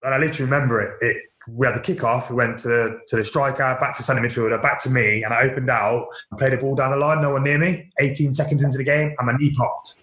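A man's voice: medium pitch, steady tone, fast talker, hardly any pauses, a bit bright, reverberant. A man, a former professional footballer, telling his story candidly, repeating words and using lots of fillers. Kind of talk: casual interview storytelling.

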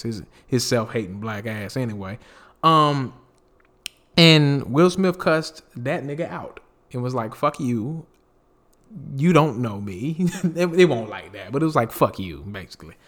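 A man hosting a solo podcast in casual, profane chat, laughing often and slipping into impressions of celebrities as he tells stories. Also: medium pitch. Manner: animated, laughing, profane, mimics celebrities mid-story. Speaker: podcast host. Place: home recording space.

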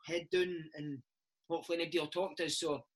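Scottish man, lively, casual storytelling, bright tone, slightly high pitch. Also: fast, slightly rough, rough recording. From Scotland. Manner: lively, laughing, says mate a lot. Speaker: interviewee, former footballer.

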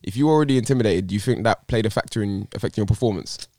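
A young man, co-hosting a casual chat and asking quick-fire questions. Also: fairly low pitch, a little mellow, no echo, clean studio sound.

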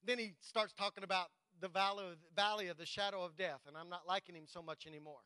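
A man preaches a sermon in a high, ringing voice. He slows right down to read scripture with weight, then speaks plainly and directly to his congregation. The sound is close and dry, with no room echo. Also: fairly even intonation, pushed and bright, clean tone. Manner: preaching, reads scripture slowly and emphatically, talks directly to the congregation. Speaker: pastor.

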